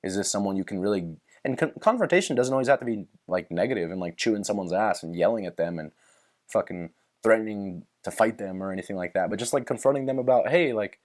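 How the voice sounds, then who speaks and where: A young man with a lowish voice hosts a podcast in loose, casual chat. He rambles, swears freely and restarts his sentences as he talks things through. He also retells scenes from movies in his own words. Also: lively intonation, fast, a little mellow. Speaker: podcast host.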